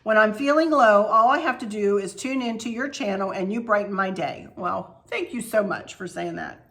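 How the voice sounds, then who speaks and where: A woman's voice: medium pitch, normal speed. A middle-aged woman talks straight to her viewers in a loose, rambling vlog chat. She keeps her tone effusive and friendly and jumps from one thought to the next as she goes. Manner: chatty, rambling, warm and effusive. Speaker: channel host. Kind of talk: casual chat to camera.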